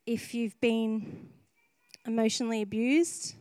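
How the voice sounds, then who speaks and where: An earnest woman preaching a heartfelt sermon, her voice sitting a little high. She talks openly and emotionally, often breaking into laughter between phrases. The sound is dry and close, with little room echo. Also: steady tone, slow pace, mellow, clear, resonant tone. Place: church service.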